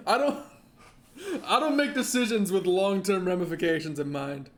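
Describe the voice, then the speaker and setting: A man streaming a game, giving excitable, joking commentary and laughing often. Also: sits high, moderate pace. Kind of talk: casual gameplay commentary.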